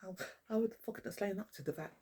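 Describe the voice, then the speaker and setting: A woman's voice: mid-range voice, fast talker, warm tone, husky. A woman, talking to the camera in a blunt, rambling monologue full of swearing. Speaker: vlogger. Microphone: camera mic.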